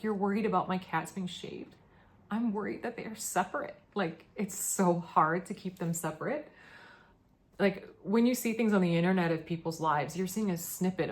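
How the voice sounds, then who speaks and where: Woman vlogger, low voice, sleep-deprived, earnest and halting. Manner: emotional, halting, many fillers and restarts. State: tired from lack of sleep. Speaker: pet owner vlogger. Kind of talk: casual to-camera update.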